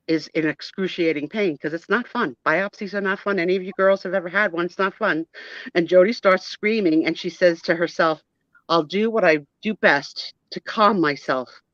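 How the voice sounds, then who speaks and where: A woman's voice: fairly low pitch, moderate pace, no echo. A woman hosting a live stream, telling a playful doll story with chatty, self-mocking asides. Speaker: host. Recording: dull lo-fi dry sound.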